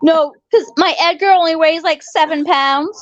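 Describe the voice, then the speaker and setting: A woman's voice: very high voice, normal speed, dry recording, muffled recording. A woman calling into a live chat, chatty and laughing, fussing over her small dog. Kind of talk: casual chat.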